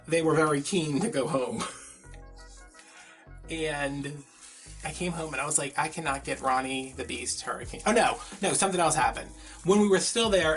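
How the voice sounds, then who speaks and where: A crafting vlogger, a man whose voice sits on the high side with a fairly bright tone, tells a gossipy story while he works on his craft. His delivery is casual and chatty, packed with filler words.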